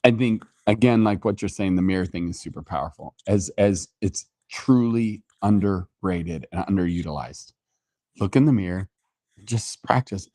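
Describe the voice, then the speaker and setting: A man co-hosting a casual chat as a matchmaker, talking in a playful, teasing and animated way. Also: lowish voice, moderate pace. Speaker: matchmaker and co-host.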